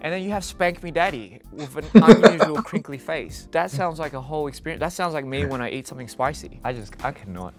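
A man's voice: fairly high pitch, expressive, brisk, few pauses, music in the background. A man reading fan tweets aloud and reacting to them, amused and bashful, laughing often.

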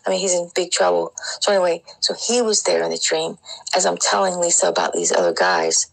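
A woman with a low, gravelly voice tells her dreams in a loose, rambling way. She keeps restarting and wandering into asides as she goes. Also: lively intonation, a little fast, a bit bright, low-quality recording. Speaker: Christian dream sharer. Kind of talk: casual storytelling of dreams.

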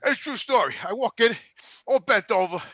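A man in his sixties tells a rambling story, his voice high and bright. The sound is dry, with no room around it, and he acts out each exchange, his voice rising and cracking with laughter. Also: brisk, no room sound, muffled recording. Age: 60s. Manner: animated, acts out dialogue, grows loud and laughing. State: sore back, a bit out of breath. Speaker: regular panelist. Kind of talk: casual storytelling on a podcast.

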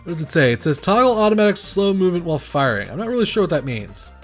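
A man's voice: sits high, sing-song, fast, faint music behind. Man rambling over gameplay. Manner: rambling, hesitant, lots of fillers and restarts; nervous exclamations under pressure. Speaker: game reviewer. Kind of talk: casual gameplay commentary.

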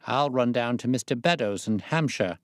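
A man's voice: mid-range voice, lively intonation, normal speed, no echo, studio quality, close to an everyday voice. A man reading aloud, voicing an insolent, half-drunk male servant who speaks sulkily and snarls. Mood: sulky. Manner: sulky, snarling.

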